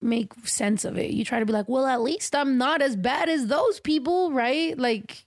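A woman podcast host telling a story in casual chat, blunt and profane, animated as she talks. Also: high voice, normal speed, no echo, studio quality.

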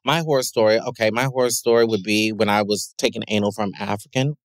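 A man guest on a podcast, casually telling a story, animated and dramatic. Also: lowish voice, fast talker, dry recording.

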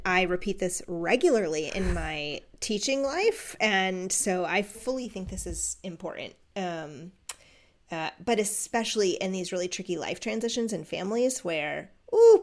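A woman's voice: medium pitch, expressive, measured pace. A woman co-hosting a podcast in casual chat, a teacher who talks thoughtfully and laughs easily.

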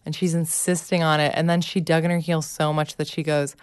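Low-voiced woman chatting about her kids. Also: level tone, a little fast, clean tone, dry recording, studio quality. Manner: chatty, laughs often, mimics her kids. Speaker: podcast co-host, mother. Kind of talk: casual storytelling chat.

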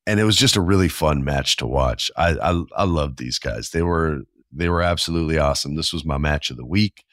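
A man in his forties hosting a podcast, talking casually and with enthusiasm, and often slipping into quick voiced asides. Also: a bass voice, a bit bright, no echo, clean studio sound. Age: 40s. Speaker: podcast host. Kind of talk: casual solo commentary.

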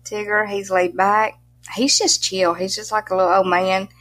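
A woman's voice: medium pitch, little pitch movement, normal speed, a bit bright, slight background noise. A middle-aged woman from Mississippi with a strong Southern accent, chatting as an interview guest, laughing often and using country turns of phrase. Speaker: guest, pet content creator. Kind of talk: casual interview chat.

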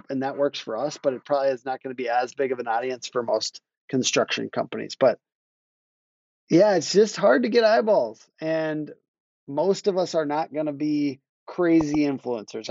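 With a fairly high pitch but a dark tone, this marketing agency owner speaks casually as a podcast guest on marketing. He rambles through a story, cutting himself off, restarting sentences and laughing along the way. The recording is dry and dull.

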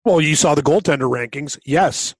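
A man with a high voice co-hosting a casual sports betting podcast. He is easygoing, laughs a lot and teases his partner. The sound is dry and close-miked. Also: normal speed, slightly rough, dry recording. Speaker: podcast co-host.

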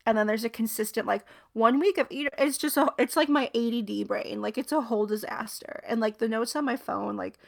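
A woman's voice: a little high, a little fast, vocal fry, few pauses. A young woman co-hosting a podcast in casual chat, rambling and laughing often. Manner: giggly, rambling and animated. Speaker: podcast co-host.

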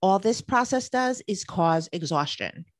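A woman's voice: mid-range voice, expressive, measured pace, no room sound. A woman co-hosting a marketing podcast, reading prepared points in an upbeat way. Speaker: podcast co-host. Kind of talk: scripted podcast chat.

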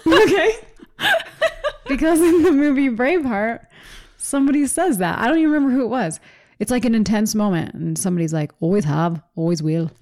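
Chatty, animated woman podcast co-host. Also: sits high, brisk, pauses often. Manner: chatty, laughing, animated storytelling. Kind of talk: casual chat.

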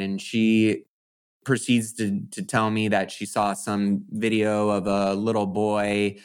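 A man's voice: on the low side, little pitch movement, unhurried, clear, resonant tone. Earnest motivational man on a podcast. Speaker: podcast co-host. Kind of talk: casual podcast chat.

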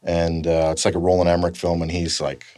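A man's voice: sits low, monotone, fast talker, darkish tone, no room sound, studio quality. A Canadian man telling rambling work stories in a casual chat, swearing freely as he goes. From northern Canada. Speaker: guest, stuntman.

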